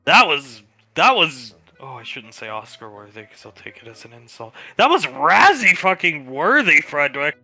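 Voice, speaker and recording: A brash, foul-mouthed film director who loudly cheers the cast on, as a man plays him. His voice is bright, with faint music under it. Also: on the high side, very animated, moderate pace, gravelly, few pauses, voice pushed up, exaggerated voice. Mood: rowdy. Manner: loud, swearing, theatrical praise.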